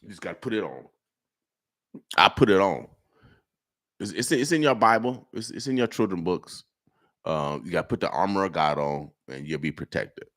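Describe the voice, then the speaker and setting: A radio morning host from Nebraska talks with a fairly low male voice. He repeats his phrases and urges his listeners on like a preacher, loud and animated. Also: normal speed, pauses often. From Nebraska, USA. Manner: animated, repetitive, preacher-like exhortations. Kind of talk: casual radio talk. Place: radio studio.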